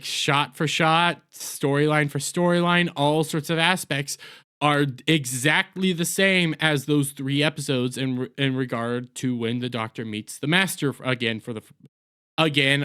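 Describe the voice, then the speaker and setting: A man's voice: mid-range voice, pushed and bright, clean tone. A man giving a blunt, sarcastic, rambling rant as a video reviewer, full of crude words and restarts. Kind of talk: ranting TV review.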